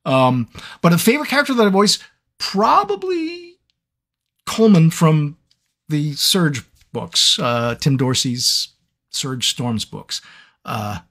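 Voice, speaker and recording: Rambling voice actor on a livestream. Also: male voice, a little high. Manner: rambling, scattered and self-mocking. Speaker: voice actor hosting a live Q&A. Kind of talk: casual livestream chat. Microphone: seated at a microphone.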